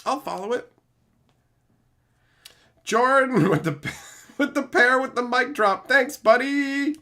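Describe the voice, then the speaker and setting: A man ranting profanely on a livestream while reading chat comments, swinging between loud outbursts and low mutters. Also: slow pace. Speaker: streamer reading live chat. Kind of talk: livestream rant.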